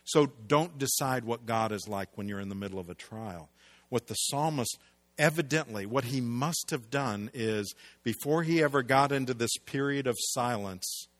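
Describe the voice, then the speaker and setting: A man delivers a sermon as a pastor. His pitch is mid-range, and he swings between loud emphatic lines and quiet, lowered ones. He often poses rhetorical questions to the congregation. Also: moderate pace.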